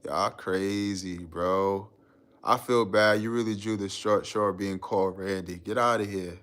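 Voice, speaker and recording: A man with a low-pitched voice, speaking a little slowly, hosts a casual live stream. He reads viewer comments aloud and riffs on them in a relaxed, slangy manner, laughing often.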